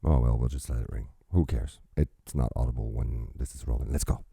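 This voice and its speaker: Brief: male reaction host, extremely deep, gravelly, profane casual commentary, dry close sound. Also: fairly even intonation, dark tone, dry recording. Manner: profane, pauses music to quote and comment.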